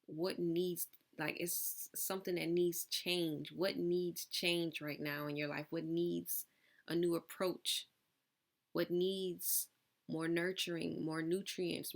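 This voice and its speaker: A woman with a low-pitched voice gives a collective tarot reading. She fires off probing, searching questions at her listeners, then breaks off for loose, casual asides. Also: level tone, slow pace, vocal fry. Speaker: tarot reader.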